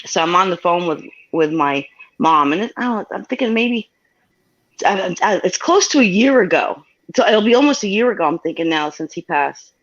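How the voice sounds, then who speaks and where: A woman's voice: on the low side, animated, normal speed. Rambling woman on a dull lo-fi call. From New York, USA. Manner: rambling, many restarts, choked up at times. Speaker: guest. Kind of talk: emotional personal storytelling.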